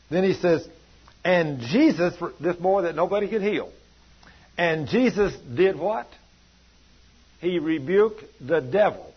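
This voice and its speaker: A husky-voiced man with a drawl preaches to his congregation, his pitch sitting a little high for a man. His folksy cadence swells and falls away. The recording is dull and lo-fi. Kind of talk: sermon.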